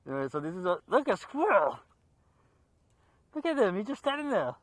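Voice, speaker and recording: A man hosting a horror movie show outdoors in a park, talking casually and off the cuff, excitable and quick to laugh. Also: high-pitched, dry recording. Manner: excitable, laughs a lot, jokey asides.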